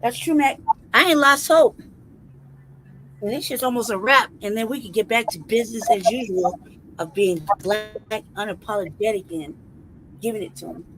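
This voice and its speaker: A woman's voice: medium pitch, fairly bright tone, slight background noise, low-quality recording. A woman co-host in crude casual banter, swearing freely and laughing often. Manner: profane, laughs often, drawls slowly.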